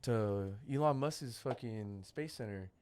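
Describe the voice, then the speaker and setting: A man's voice: medium pitch, unhurried, darkish tone, smooth. A young man on a podcast casually telling a rambling, profanity-filled fishing story and saying "dude" often. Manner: laid-back, rambling, swears a lot, says "dude".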